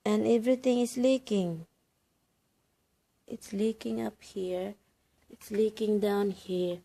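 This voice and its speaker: A woman's voice: mid-range voice, steady tone, takes it slowly, creaky, warm tone, low-quality recording. A Filipino woman vlogging from her house, chatty and laughing at herself with many exclamations. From Philippines. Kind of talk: casual home vlog. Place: inside a house being painted.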